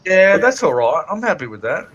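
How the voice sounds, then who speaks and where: A man playing a tabletop game, easygoing, with quick agreeable replies. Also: sits high, sing-song, fairly bright tone, lo-fi sound. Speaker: player. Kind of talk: casual tabletop game chat.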